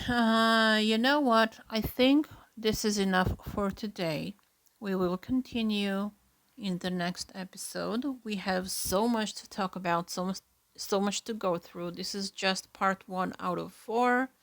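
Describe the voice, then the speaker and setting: A woman hosting a solo reaction podcast, talking in an earnest, chatty way with fillers and soft asides. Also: mid-range voice, a little slow. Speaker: podcast host.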